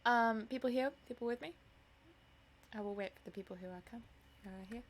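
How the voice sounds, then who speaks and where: A woman's voice: on the high side, brisk. A sleepy woman streamer chatting casually with her viewers in a rambling, self-mocking way before reading a novel aloud.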